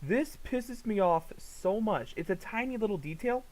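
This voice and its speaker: A man giving casual reaction commentary, ranting in an exasperated, profane way that swings between low mutters and loud outbursts. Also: expressive, moderate pace, rough recording. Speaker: commentary vlogger.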